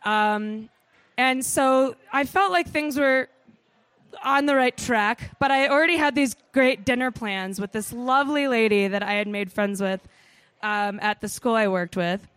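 A woman telling a comic travel story on stage, animated, swearing freely and saying "like" a lot. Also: fairly high pitch, a little slow, no echo. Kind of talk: live comedic storytelling.

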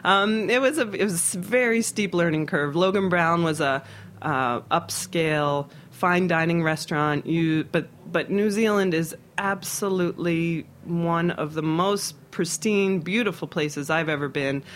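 Chatty middle-aged chef, slightly high voice. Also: male voice, measured pace, a little hiss or hum. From Philadelphia, United States. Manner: rambling and animated, with many restarts and fillers. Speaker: chef, interview guest. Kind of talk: casual storytelling interview.

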